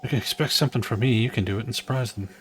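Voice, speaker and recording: A man's voice: medium pitch, rapid-fire. A man playing through a video game, giving joking, sarcastic commentary as the host of the stream. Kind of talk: let's play commentary. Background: game music.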